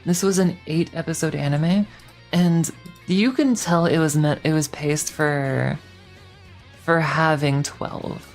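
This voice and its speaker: Woman streamer, very low voice, casual rambling, swears a lot, sarcastic, soft guitar music behind. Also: slow pace.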